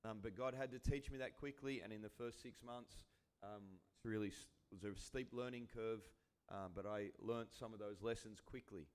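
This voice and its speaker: Earnest Australian pastor hosting a chat. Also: male voice, fairly low pitch, normal speed, a little mellow, clean tone. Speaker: pastor and interviewer. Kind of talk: casual church interview.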